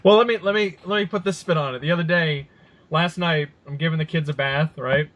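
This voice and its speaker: A man in his thirties co-hosting a casual podcast, telling animated, swear-filled stories and acting out what people said. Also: on the high side, a little fast, muffled recording. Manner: animated storyteller, swears, acts out quotes. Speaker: podcast co-host.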